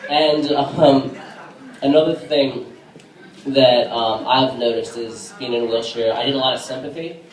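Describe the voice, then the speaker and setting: A man performing a casual stand-up set on a bar stage, with a halting delivery full of fillers. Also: medium pitch, steady tone. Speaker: stand-up comedian. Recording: echoey room from a distance.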